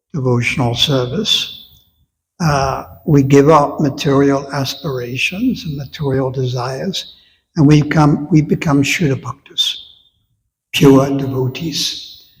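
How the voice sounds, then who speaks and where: A man giving an unhurried devotional lecture to a congregation, talking conversationally and putting questions to his listeners. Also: medium pitch, big-room sound, low-quality recording. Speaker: visiting spiritual teacher. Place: temple hall with long reverb.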